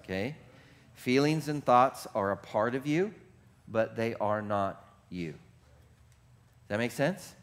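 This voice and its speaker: Preaching with a mid-range, animated voice, this pastor swings between quiet reflection and rapid, shouted exclamations. Along the way he poses questions to his congregation.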